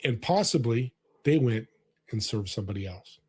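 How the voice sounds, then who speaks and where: At normal speed, in a mid-range voice with a breathy edge, a man in his sixties shares personal stories during a casual interview. He's from California and tells them earnestly and with animation, with many restarts along the way.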